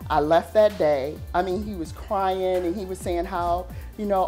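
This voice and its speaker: Woman, lower voice, chatty storyteller, group chat. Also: steady tone, normal speed, hardly any pauses, warm tone, faint music behind. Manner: chatty storytelling, lots of "you know". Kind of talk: candid group discussion.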